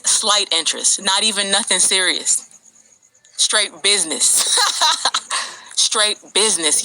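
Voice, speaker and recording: A woman rants on a livestream in a sharp, very bright voice. She is agitated and emphatic, swears freely and keeps turning to address her viewers directly. Her pitch sits in a middling range for a woman. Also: no echo, poor audio. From United States. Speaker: vlogger. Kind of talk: live-streamed personal rant to viewers.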